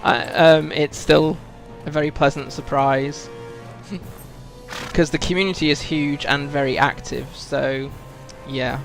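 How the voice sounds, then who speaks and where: Male game streamer, British accent, slightly raised pitch, reflective and chatty, faint game music underneath. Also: flat delivery, a little slow, vocal fry. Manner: reflective and chatty, with frequent ums and restarts. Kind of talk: casual live-stream chat while playing.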